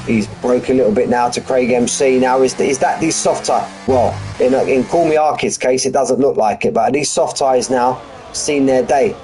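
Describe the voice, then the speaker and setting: A man's voice: medium pitch, moderate pace, few pauses, mellow, faint music behind, rough recording. Chatty man calling a race. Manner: chatty, rambling, jokey. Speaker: sim racing commentator. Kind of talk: live race commentary.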